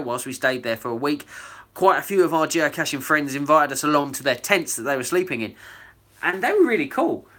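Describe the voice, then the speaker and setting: A man's voice: fairly high pitch, sharp tone. Chatty man hosting a live stream. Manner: chatty, reads out viewer comments, rambling with fillers. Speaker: host of a live hangout. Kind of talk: casual live-stream chat.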